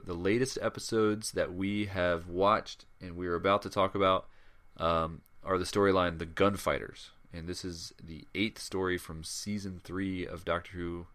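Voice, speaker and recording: A man's voice: sits low, a bit bright. A man co-hosting a podcast in casual chat, rambling with lots of fillers and restarts. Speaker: podcast co-host.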